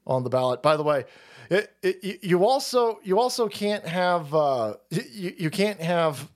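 A man hosting a stream who rants about politics in a sarcastic, mocking, foul-mouthed way. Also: a little high. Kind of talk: profane political rant.

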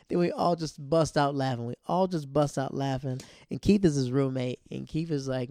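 A man telling a casual, animated story in slangy talk, laughing often as he goes. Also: mid-range voice, normal speed, dry recording, studio quality.

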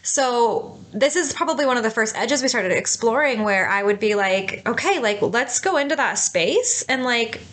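A woman's voice: on the high side, a bit bright. Open, talkative woman podcast host. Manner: open, emotional, heavy on filler words. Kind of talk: intimate couple's podcast chat.

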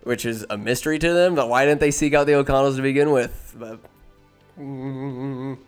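A man's voice: mid-range voice, normal speed, smooth, soft background music. A man giving a rambling comic movie recap, full of jokey asides and self-interruptions.

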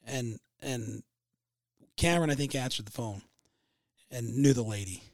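A man co-hosting a podcast, telling a long anecdote in a relaxed, halting way with many restarts. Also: medium pitch, dry recording, clean studio sound. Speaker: podcast co-host. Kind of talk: casual storytelling chat.

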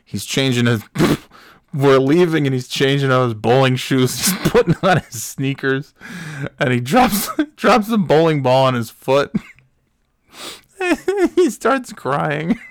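A man's voice: mid-range voice, expressive, a little slow, no room sound, clean studio sound. Guy hosting a podcast, drawls out a rambling story, swears a lot, keeps chuckling. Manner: rambling, profane, chuckling while telling. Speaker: podcast host. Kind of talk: casual storytelling.

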